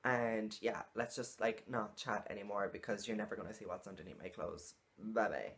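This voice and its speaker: A woman's voice: very deep voice, steady tone, normal speed. Frank, exasperated woman vlogging. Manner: frank, exasperated, swears freely. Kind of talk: casual vlog monologue.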